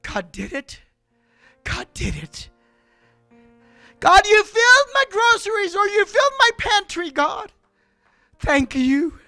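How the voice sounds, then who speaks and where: A male preacher acting out a poor widow praying quietly and fervently in a sermon story. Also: very high-pitched, very animated, slow, pauses often, faint music behind, voice pushed up, heavily acted. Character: poor widowed woman, prayerful and steadfast.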